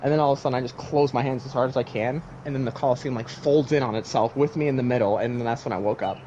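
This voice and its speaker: A young man in casual chat, retelling a wild dream and acting out its voices with lively swearing. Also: mid-range voice, very fast. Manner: animated storyteller, acts out voices, swears casually. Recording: dull lo-fi sound with faint noise.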